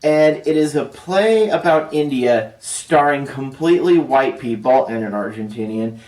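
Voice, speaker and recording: A man's voice: medium pitch, animated, measured pace, darkish tone. A man giving a casual, rambling spoken movie review, full of fillers and restarts. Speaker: film reviewer. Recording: roomy echo, distant from mic.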